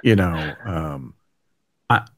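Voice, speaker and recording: A man's voice: extremely low pitch, lively intonation, drawn-out words, a bit bright, no echo, clean studio sound. A man from Canada hosting an interview, enthusiastic and full of praise for his guest. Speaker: podcast host. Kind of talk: casual interview talk.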